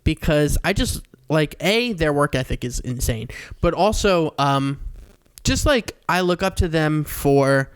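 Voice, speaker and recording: A young man co-hosting a comedy podcast, talking in an animated, self-mocking way and swearing freely. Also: fairly high pitch, measured pace, clean tone. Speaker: podcast co-host. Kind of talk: casual comedic chat.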